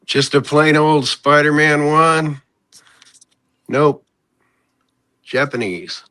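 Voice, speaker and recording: A man's voice: fairly high pitch, drawn-out words, sharp tone, smooth. A man in a casual chat, insistently arguing his point.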